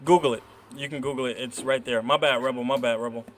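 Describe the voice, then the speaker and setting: A man's voice: medium pitch, fairly even intonation, fast, fairly bright tone, slight background noise. A man in a casual podcast discussion, speaking bluntly and emphatically.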